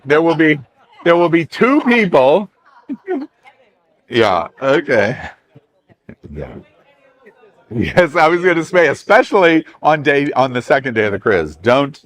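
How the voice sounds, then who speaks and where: A man's voice: on the high side, fairly bright tone. A man with a Southern US accent, hosting a travel club and briefing a group in a meeting room in a chatty, joking way.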